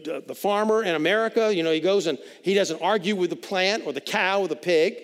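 A pastor with a high voice preaches a sermon, addressing the congregation conversationally and circling back over his words as he builds each point. A long reverb from a large hall fills the recording.

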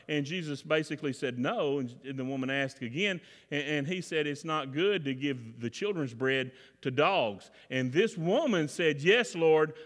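A man preaches in a high, ringing voice with a bright edge. His folksy sermon swings from hushed, praying tones up to full shouting. The sound hangs in the long reverb of a church hall. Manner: builds from quiet prayer to shouted preaching. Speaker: pastor. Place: church sanctuary.

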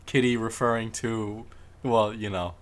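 A man's voice: fairly low pitch, flat delivery, unhurried. A young man co-hosting a casual podcast, wry and dry. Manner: dry, wry, reads titles aloud. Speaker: podcast co-host. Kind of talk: casual chat.

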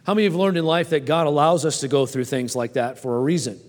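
A man's voice: on the high side, steady tone, quick pace. Folksy man preaching in a reverberant hall. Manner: folksy, stammering restarts, asks the audience. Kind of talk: sermon with personal storytelling.

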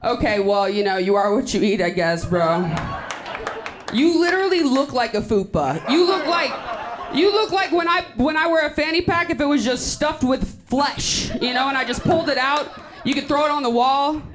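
A woman's voice: high-pitched, normal speed. A woman comedian on stage, teasing and brash, with mock-outraged outbursts, in a live comedy club. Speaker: stand-up comedian on a panel. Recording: live venue with loud crowd.

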